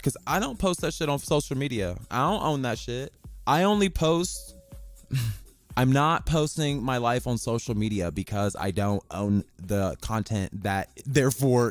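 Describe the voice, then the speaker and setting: A male podcast host talking off the cuff in a mid-range voice, sassy and loose with his swearing. His pitch leaps high and drops low as he plays around, and soft music sits faintly underneath. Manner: sassy, profane and playful, with big swings in pitch. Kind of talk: casual podcast monologue.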